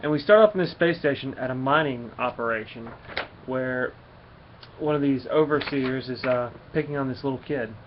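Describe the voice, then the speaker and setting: A man casually reviewing a comic book in a rambling way, at a mid pitch. The recording is slightly muffled, with a faint hum behind him. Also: moderate pace. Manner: rambling, with many fillers.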